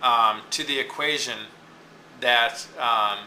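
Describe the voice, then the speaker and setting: A man's voice: mid-range voice, slow pace, pushed and bright, echoey room, a little hiss or hum, low-quality recording. A man teaching a lesson, explaining step by step and often checking in with "okay?". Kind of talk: classroom lecture on poetic meter.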